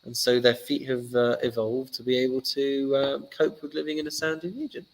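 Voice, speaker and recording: A man voicing a patient old male sage who explains things calmly and politely. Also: mid-range voice, a little fast, slight background noise, close to an everyday voice, rough recording. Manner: calm and patient.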